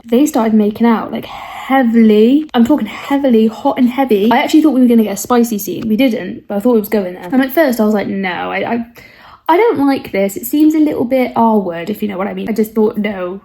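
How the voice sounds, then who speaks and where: A young woman chatting casually on a book vlog, a bit husky from a cold, rambling and self-deprecating with asides to the viewer. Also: fairly high pitch, dark tone. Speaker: book vlogger.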